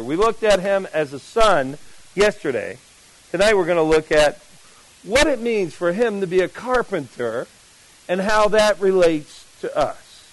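A middle-aged man from New Jersey, whose accent has mostly worn off, preaches at a camp meeting in a fairly high voice. He talks to the congregation like a storyteller, full of asides and questions. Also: rough recording. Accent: mixed American, mostly lost New Jersey. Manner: chatty storyteller, animated asides to the audience. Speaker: pastor. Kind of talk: sermon.

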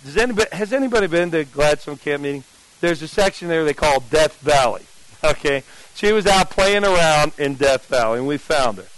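A man's voice: on the high side, no echo, low-quality recording. A man from New Jersey, a pastor, preaching a sermon through a personal story and acting out the dialogue. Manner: storytelling, acts out dialogue with lively shifts.

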